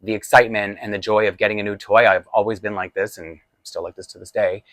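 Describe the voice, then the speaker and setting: A man's voice: fairly low pitch, flat delivery, fast talker, a bit bright, no room sound. A man in his forties telling a personal childhood story in a chatty, confessional way, laughing often. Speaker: vlogger. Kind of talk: storytime vlog.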